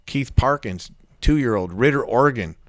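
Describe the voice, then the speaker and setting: A podcast co-host tells stories in casual chat, profane and slangy, acting out the quotes. His medium-pitched voice is fairly bright with lively intonation at a moderate pace, in a dry recording.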